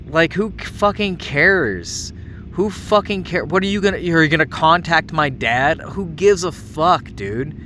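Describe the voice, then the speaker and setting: A man's voice: a little high, animated, measured pace, bright, forceful tone, a little hiss or hum. A man in his late thirties delivering an angry, heavily profane ranting monologue, stumbling over restarts as he goes. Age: late 30s.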